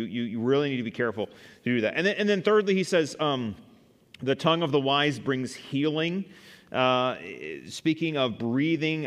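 A man's voice: mid-range voice, in a large hall. A man teaching a church Bible study class, conversational, asking the group questions and answering them himself. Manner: conversational, asks the class questions, many fillers.

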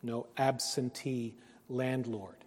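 A man preaching a sermon, earnest, rising to loud emphasis and dropping to hushed phrases. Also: medium pitch, flat delivery, slow. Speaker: pastor. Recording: long reverb of a hall.

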